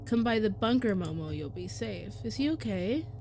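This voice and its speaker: A woman streamer reading game text aloud and reacting, animated and quick to laugh. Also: mid-range voice, noisy background. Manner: animated, breaks into laughter and squeals.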